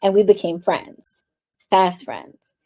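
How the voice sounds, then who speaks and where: A woman's voice: on the low side, lively intonation, slow pace, darkish tone. A woman hosting a live stream, telling a candid personal story with casual swearing before moving into a zodiac reading. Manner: frank, swears freely, chatty. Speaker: witch coach and card reader.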